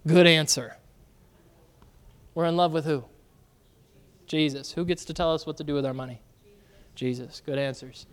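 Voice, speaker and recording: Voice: mid-range voice, fairly even intonation, moderate pace, long pauses, clear, resonant tone. A pastor preaching a sermon in a casual, conversational way, often throwing questions out to the congregation. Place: church sanctuary. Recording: long reverb of a large church hall.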